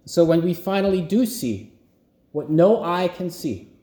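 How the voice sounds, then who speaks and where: A man preaching a sermon as pastor, slow and emphatic with long pauses. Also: high-pitched, expressive, dark tone, roomy sound.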